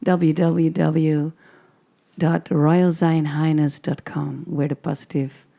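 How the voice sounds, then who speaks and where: A woman from the Netherlands, a guest DJ, talking in a hoarse voice in a casual, enthusiastic interview chat. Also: deep voice, little pitch movement, slow pace, warm tone.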